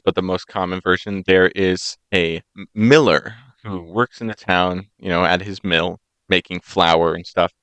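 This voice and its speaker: A man from the United States co-hosts a casual podcast and retells a fairy tale, slipping into playful voices for its characters. His voice sits a little low and sounds smooth and clear. The recording is dry, with no room sound. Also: fairly bright tone, no echo. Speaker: podcast co-host. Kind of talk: casual chat.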